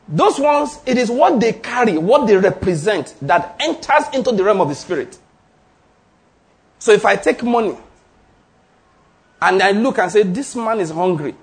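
A man preaching a sermon, emphatic and drawing answers from the congregation. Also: high-pitched. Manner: emphatic call-and-response preaching. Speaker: pastor.

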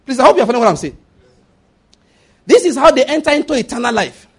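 A man's voice: very high voice, sing-song, fast, slightly rough. A man preaching a sermon, emphatic, repeating phrases and checking that listeners follow.

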